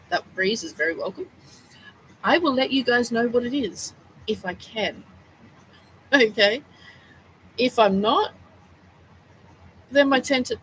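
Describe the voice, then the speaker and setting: A woman's voice: medium pitch, fairly bright tone, slight background noise, low-quality recording. A middle-aged woman, chatting casually on a livestream, rambling and laughing often as she retells events. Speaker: livestream host.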